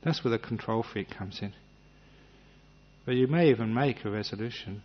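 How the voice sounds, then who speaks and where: A man giving a gentle, humorous meditation talk, acting out little scenes as he teaches. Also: fairly low pitch, moderate pace, long pauses, slightly rough. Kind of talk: dharma talk. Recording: dull lo-fi recording.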